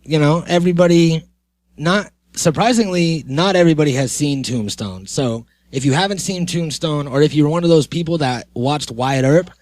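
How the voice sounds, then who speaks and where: A man's voice: fairly high pitch, normal speed, a little mellow, no echo. Laid-back podcast co-host, man, dry sound. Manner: laid-back, agreeable, slangy. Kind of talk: casual chat.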